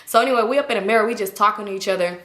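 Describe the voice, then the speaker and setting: A fast-talking woman with a bright, lifted voice spins a slangy, animated story for her viewers. The sound carries a roomy echo around her. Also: medium pitch. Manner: animated, slangy, acts out quotes. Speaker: storytime vlogger. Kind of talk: casual storytelling.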